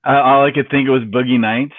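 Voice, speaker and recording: A man co-hosting a podcast, tossing in quick asides and stumbling over his words. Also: medium pitch, fairly even intonation, phone-quality sound. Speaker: podcast co-host. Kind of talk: casual chat.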